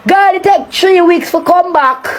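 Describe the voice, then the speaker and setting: A woman's voice: very high-pitched, measured pace, slight background noise. A woman with a Jamaican accent delivering a heated, taunting rant on a live stream, cursing often.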